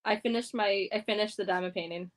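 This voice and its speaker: A woman sitting in on a casual livestream, chiming in with short, dry, low-key reactions. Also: fairly even intonation, quick pace. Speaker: co-host beside the streamer.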